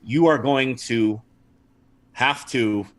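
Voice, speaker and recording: A man as a wary guard captain in a tabletop game, speaking formally and with care. His delivery is deliberate and sometimes halting, and his middle-range voice stays close to his own. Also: mid-range voice, close to an everyday voice. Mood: stern.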